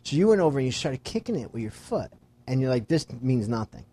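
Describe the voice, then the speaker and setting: A man in casual conversation, telling a lively anecdote and acting out the voices of the people in it. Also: mid-range voice, fast talker, breathy edge. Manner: animated storyteller who acts out quoted voices. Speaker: friend telling a story. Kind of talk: casual chat.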